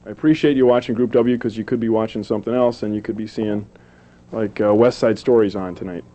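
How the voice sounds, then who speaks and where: A man's voice: on the low side, steady tone, quick pace, warm tone. A man performing a silly, self-mocking stand-up comedy set on a television show. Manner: goofy, self-mocking, jumps into silly put-on voices. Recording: dull lo-fi old TV recording.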